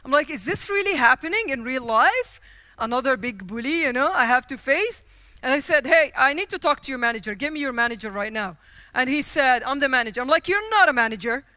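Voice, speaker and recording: Bright, high-pitched woman telling a story. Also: brisk, dry recording. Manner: animated, acts out quoted dialogue. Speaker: keynote speaker. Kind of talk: storytelling speech. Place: conference stage.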